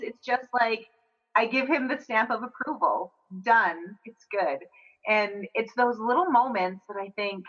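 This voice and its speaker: A woman's voice: on the high side, fairly bright tone, slightly rough, highs cut off. A woman hosting a podcast, chatting in an affirming way with her guest. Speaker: podcast host. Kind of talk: casual interview chat.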